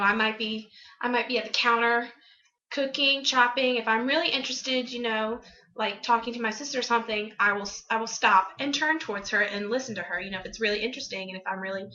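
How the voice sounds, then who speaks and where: A young woman student giving a casual class presentation on gestures, halting with frequent ums. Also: fairly high pitch, sharp tone, lo-fi sound, a little hiss or hum. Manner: halting, many ums, demonstrates expressions.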